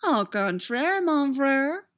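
A woman's voice: high-pitched, very animated, slow pace, fairly bright tone, voice pushed up, full character voice. A woman reading fan fiction aloud, voicing a sassy, self-assured young woman assistant with a drawling, know-it-all manner.

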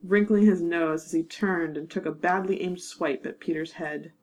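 A woman narrating a fanfiction audiobook in a measured, wry storytelling manner. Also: fairly low pitch, a little mellow, low-quality recording. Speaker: narrator and producer.

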